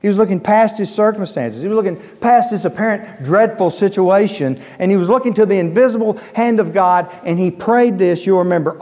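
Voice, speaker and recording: A man's voice: sits high, animated, brisk, hardly any pauses, warm tone. A man preaching a sermon, emphatic, repeating his key phrases for weight. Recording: dull lo-fi sound with long hall reverb.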